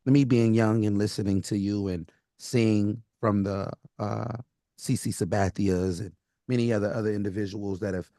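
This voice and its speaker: A man's voice: fairly low pitch, darkish tone, no echo, clean studio sound. A young man hosting a radio talk show, speaking earnestly and respectfully to his guest. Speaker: host.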